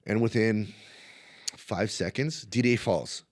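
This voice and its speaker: Somewhat low and a little slow, this man's voice belongs to a martial arts instructor recounting stories in a relaxed interview. He's animated, performing the quotes of the people he describes.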